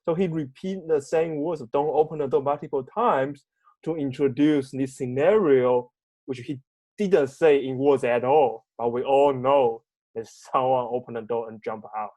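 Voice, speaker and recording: Male co-host, mid-pitched, measured delivery, simple phrasing with small slips. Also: darkish tone, dry recording. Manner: measured, plain grammar slips. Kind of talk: casual discussion.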